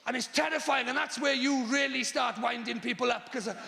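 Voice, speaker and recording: A man doing a live stand-up routine on a large theatre stage, exasperated and bursting into shouts. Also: very high-pitched, a little fast, vocal fry, echoey room, in a large hall. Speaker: stand-up comedian.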